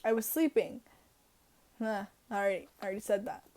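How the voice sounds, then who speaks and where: A woman's voice: mid-range voice, brisk, warm tone. A teenage girl chatting casually to camera in a storytime vlog, full of fillers and giggles. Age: teens. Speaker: vlogger. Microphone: camera in her room.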